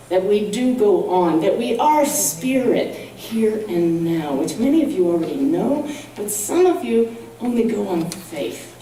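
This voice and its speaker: A woman's voice: on the low side, mellow, slight background noise. A middle-aged woman, a guest speaker and medium, telling stories earnestly to a congregation. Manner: earnest, storytelling. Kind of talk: storytelling talk to a congregation. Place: large hall at a spiritual centre. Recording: echoey hall from far off.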